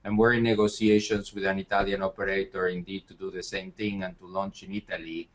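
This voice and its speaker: Calm low-voiced businessman guest. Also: fairly quick. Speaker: entrepreneur guest. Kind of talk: interview answers.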